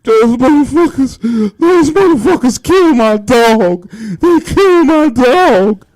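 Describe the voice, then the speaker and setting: A man voicing a grief-stricken man who yells and sobs over his dead dog. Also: extremely high pitch, expressive, slow pace, dry recording, pitched above the performer's own voice, full character voice. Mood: anguished. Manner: shouting, breaking voice. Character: sobbing grief-stricken man, furious at his dog's killers.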